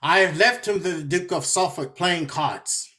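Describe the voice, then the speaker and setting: A man playing a bright, spiteful schemer. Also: high-pitched, normal speed. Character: scheming bishop, spiteful and bitter. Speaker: stage actor. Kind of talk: Shakespearean stage acting.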